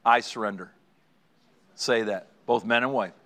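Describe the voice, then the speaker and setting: A man's voice: mid-range voice, unhurried, fairly bright tone. A middle-aged male pastor preaching to married couples, storytelling and speaking directly to his congregation. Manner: storytelling, addresses the congregation directly, laughs at own stories.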